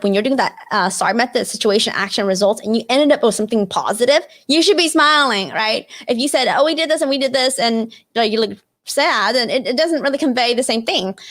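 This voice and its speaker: Slightly high and a touch bright, this woman's voice leads a live career webinar on a video call. She keeps the instruction casual and chatty, leaning on "like" and "you know" and often asking "right?"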